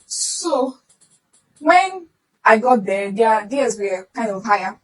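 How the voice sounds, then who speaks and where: A young woman with a Nigerian accent recounts her own story straight to camera. Her voice sits a touch high. She tells it with animation and acts out what the others said. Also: sing-song, slow, slight background noise, poor audio. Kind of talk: emotional personal story to camera.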